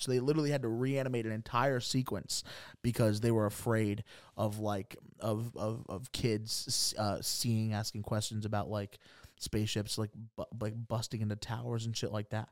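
A man's voice: fairly low pitch, flat delivery, moderate pace, darkish tone, no room sound, studio quality. A man co-hosting a comedy podcast, rambling and swearing a lot in casual banter. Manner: profane, rambling. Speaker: podcast co-host.

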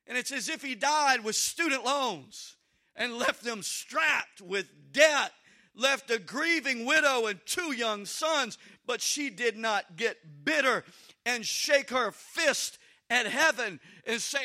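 A man preaching with a strikingly high, sharp voice. He drives his points home with emphasis, swinging from near-shouted peaks to hushed asides. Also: slow. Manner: emphatic, builds to shouted climaxes then drops to quiet asides. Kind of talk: sermon.

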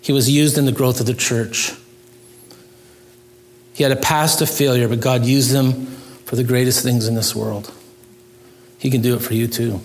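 A man's voice: mid-range voice, steady tone, normal speed, long pauses. A male pastor preaching a sermon in an earnest, pleading manner, his voice rising when he stresses a point.

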